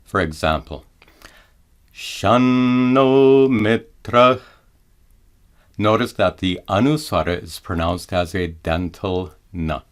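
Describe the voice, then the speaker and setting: A middle-aged man teaching Sanskrit chanting in a measured, calm manner, pausing to chant each example slowly. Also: low-pitched. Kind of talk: slow explanatory lesson with chanted examples.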